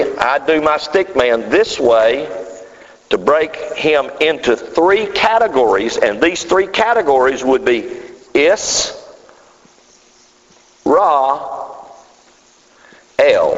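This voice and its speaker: A man preaching a rambling sermon to his fellowship, often asking the congregation whether they follow him. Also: fairly high pitch. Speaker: pastor. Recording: muffled sound with long hall reverb.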